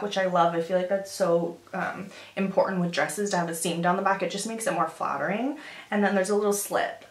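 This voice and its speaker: A young woman talks through a haul in a relaxed, chatty way, her speech full of "like" and small restarts. Her voice sits at a middle pitch. The room gives it a noticeable echo. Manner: chatty, filler-heavy, says "like" often. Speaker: beauty vlogger. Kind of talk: casual try-on haul chat. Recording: roomy echo.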